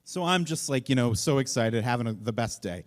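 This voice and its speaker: A man telling a funny personal story on stage at a live event, self-mocking and acting out the voices in it. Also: a little fast. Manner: animated, self-mocking, acts out voices with big jumps in pitch.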